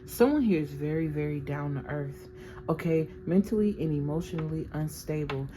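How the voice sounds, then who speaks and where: Low-voiced woman giving a chatty tarot reading. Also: normal speed, background noise. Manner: chatty, slangy, talks straight to viewers. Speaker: tarot reader. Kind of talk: casual tarot reading to viewers.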